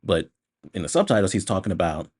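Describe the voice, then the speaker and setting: Lower-voiced man ranting through a movie review. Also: quick pace. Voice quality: animated ranting, profane, laughing often. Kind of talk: casual spoken movie review.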